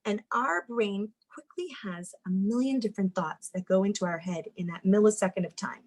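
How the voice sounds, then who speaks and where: A woman family therapist giving a lively talk on parenting, acting out the inner voices of parents and kids, often repeating words as she goes. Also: medium pitch, moderate pace, rough recording. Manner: animated, acts out parents' and kids' inner voices; repeats words and restarts sentences when speaking.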